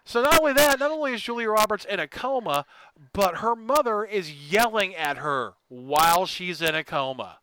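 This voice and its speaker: A man's voice: high-pitched, moderate pace, noisy background. A man co-hosting a casual movie chat, sarcastic and crude, telling the plot with jokes. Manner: animated, sarcastic, crude humor. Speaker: podcast co-host. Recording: dry close sound.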